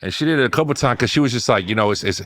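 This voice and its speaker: A man's voice: mid-range voice, lively intonation, racing, a bit bright. A man co-hosting a podcast, talking in loose, slangy chat full of fillers. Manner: slangy, full of "you know what I'm saying". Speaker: podcast co-host. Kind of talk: casual chat.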